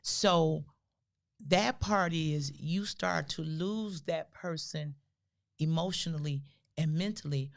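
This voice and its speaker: Gravelly older woman telling stories. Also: low-pitched, takes it slowly. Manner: animated storyteller who acts out quotes. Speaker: podcast co-host. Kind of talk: casual storytelling conversation.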